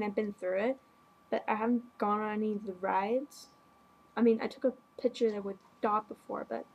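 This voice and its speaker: A teenage girl hosting a casual podcast, bubbly and gushing with quick asides. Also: fairly high pitch, a little mellow, slightly rough, highs cut off. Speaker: podcast host. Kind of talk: casual chat.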